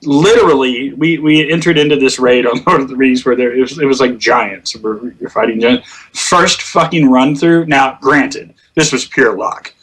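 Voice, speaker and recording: A man with a husky, slightly breathy voice chats loosely about online games. He tells stories full of swearing and quick laughs, jumping into quoted lines as he goes. His pitch sits in an ordinary middle range. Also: fairly bright tone. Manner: profane, laughing storyteller who acts out quotes. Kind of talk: casual gaming chat.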